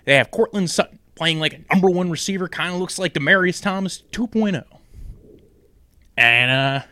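Young guy riffing on football trades, jokey and rambly, kinda high voice, dry close sound. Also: normal speed, pushed and bright, no echo. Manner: rambling, jokey, with many fillers and tangents. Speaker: sports podcast host. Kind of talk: casual fantasy football talk.

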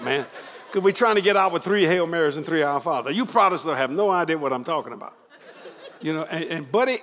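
A man's voice: high-pitched, a bit bright. An older man preaching to a congregation, joking and laughing as he goes. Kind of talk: church sermon.

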